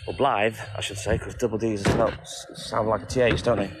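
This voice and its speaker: This English milkman, aged in his fifties, livestreams on his phone with music playing behind him, chatting casually and greeting people by name. His delivery is flat and fast, in a fairly low pitch.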